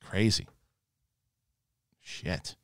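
A man's voice: very slow, no echo, studio quality. A man hosting a casual live stream, reading out viewer messages and laughing often with his co-host. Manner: laid-back, reads donor messages aloud, laughs often.

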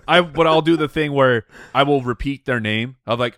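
A man in casual podcast chat, speaking haltingly and thinking aloud with restarts. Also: mid-range voice, fairly bright tone, dry recording, clean studio sound.

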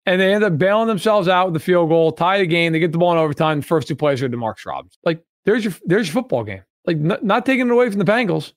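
A fired-up man co-hosts a podcast, driving his analysis with emphatic, repeated points. His voice sits fairly high for a man, and the sound is dry and close. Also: very fast, few pauses, no echo. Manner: heated, emphatic and repetitive. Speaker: podcast co-host.

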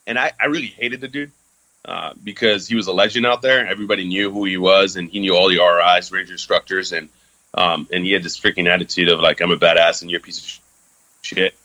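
A man's voice: sits low, fairly even intonation, fast talker, bright, forceful tone, dry recording, poor audio. A man who served in the Army, telling a candid story in casual talk with lots of fillers and some swearing. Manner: frequent fillers, candid and profane. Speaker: interview guest, Army veteran.

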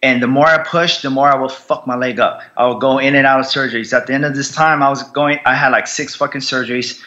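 A man's voice: medium pitch, fairly even intonation, fast talker, pushed and bright, highs cut off. A man telling his story as a podcast guest, raw, blunt and heavily profane. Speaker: podcast guest, combat veteran. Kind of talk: candid interview storytelling.

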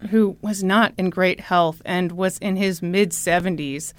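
A woman co-hosting a podcast, telling a story in casual chat with a playful, animated manner. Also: lowish voice, measured pace, dry recording. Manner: animated, playful, breaks into laughter. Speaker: podcast co-host.

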